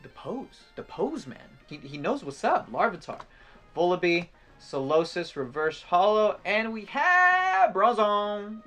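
A young adult channel host giving chatty, excitable commentary while opening trading card packs and reading each card name aloud. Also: medium pitch.

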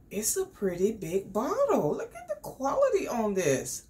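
Woman vlogger, excitable, lively pitch, slow easy pace, faint room ambience. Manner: chatty and excitable, talks straight to viewers. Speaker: beauty vlogger. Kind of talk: casual unboxing vlog. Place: home indoors.

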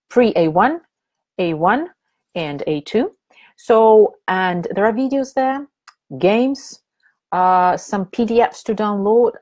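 A woman's voice: medium pitch, a little mellow. Chatty woman presenting a webinar. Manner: chatty, hesitant, many fillers and restarts. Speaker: teacher trainer presenting a webinar.

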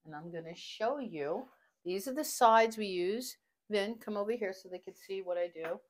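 A middle-aged woman hosts a casual home cooking vlog from her kitchen, sharing kitchen tips in a chatty, enthusiastic way. Her voice sits at a medium pitch and moves at normal speed.

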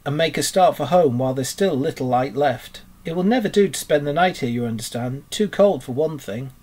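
Man voicing a water rat, storybook, brave, good-natured, brisk, reassuring, husky, a little higher and louder. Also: expressive. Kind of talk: storybook read-aloud.

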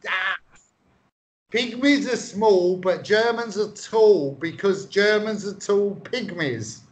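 Higher-voiced man with crude banter. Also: takes it slowly, slight background noise. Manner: crude, swearing, playfully goes along. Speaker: podcast co-host. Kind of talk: casual comedic banter.

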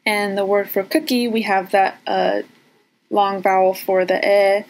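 Slow, patient woman teaching pronunciation. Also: mid-range voice, level tone, a little mellow. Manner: slow, patient, repeats each word with many fillers. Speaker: language teacher. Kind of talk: pronunciation lesson.

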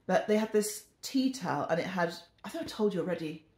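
A woman's voice: fairly low pitch, lively intonation, fairly quick, darkish tone. A British woman vlogger telling a rambling, self-deprecating storytime at home in a casual, chatty way. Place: indoors in a home. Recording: echoey room.

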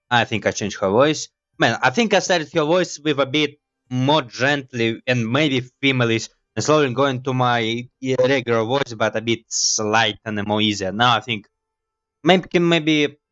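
A man's voice: medium pitch, normal speed, a bit bright, muffled recording. A man doing let's play commentary as a gaming YouTuber, rambling and teasing himself. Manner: rambling, self-mocking chatter.

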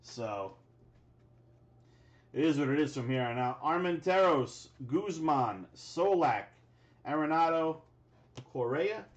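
A man's voice: fairly high pitch, slow pace, pauses often. A man hosting a live sports card break, reading off player names as he opens packs and reacting to big pulls. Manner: rattles off player names, bursts into excited exclamations. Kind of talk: live card-pack opening commentary.

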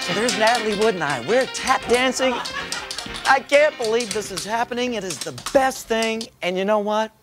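A comedian performing a one-man stage show, telling stories in a theatrical, animated way. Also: high-pitched, normal speed, over music.

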